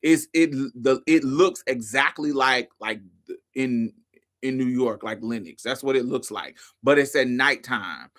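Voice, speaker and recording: A woman's voice: extremely low pitch, measured pace. A woman hosting a show, casually telling a story to her listeners, swearing freely and calling them y'all, honey and baby. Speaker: host.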